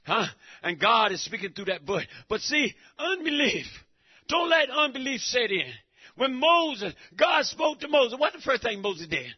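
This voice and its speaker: A high, husky male voice preaching hard, with bursts of shouting that fall back into low, half-laughed muttering. The recording is dull and lo-fi. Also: big pitch swings, measured pace. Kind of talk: fiery sermon.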